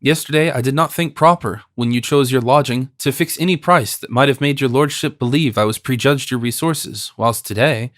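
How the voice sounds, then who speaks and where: A man's voice: medium pitch, normal speed, hardly any pauses, fairly bright tone, no echo, clean studio sound, close to an everyday voice. A man doing a fawning, rambling innkeeper. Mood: deferential. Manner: deferential, rambling, ingratiating. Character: fawning middle-aged male innkeeper, anxious and wordy.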